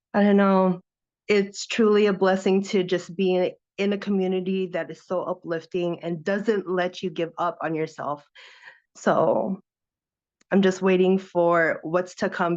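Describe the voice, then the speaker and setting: A woman sharing her personal business story with feeling, acting out her own past reactions in quick quoted bursts. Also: fairly low pitch, darkish tone, lo-fi sound.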